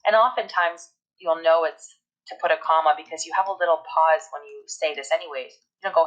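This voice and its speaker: Low-voiced woman teaching a grammar lesson. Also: highs cut off. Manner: explains step by step, reads examples aloud slowly. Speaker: English teacher.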